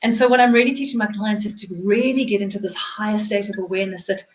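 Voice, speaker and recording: A woman's voice: medium pitch, steady tone, quick pace, lo-fi sound. A woman hosting an interview as a life coach, explaining her ideas earnestly and repeating phrases for emphasis. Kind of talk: reflective interview talk.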